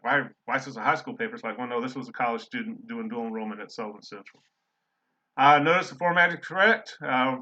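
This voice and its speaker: A man's voice: mid-range voice, bright, forceful tone. A middle-aged man, a college English instructor giving a casual, rambling recorded lecture full of fillers. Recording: slightly dull lo-fi audio.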